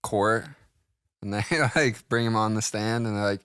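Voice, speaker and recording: A man's voice: on the low side, moderate pace, a bit bright, clear, resonant tone, no echo. A young man co-hosting a podcast in casual chat, dropping dry, joking asides. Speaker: podcast co-host.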